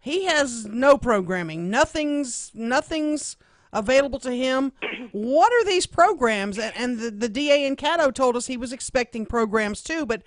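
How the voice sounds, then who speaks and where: A woman's voice: sits high, animated, normal speed, no echo. Pointed woman radio host. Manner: direct, pressing questions. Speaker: radio talk show host. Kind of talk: radio interview.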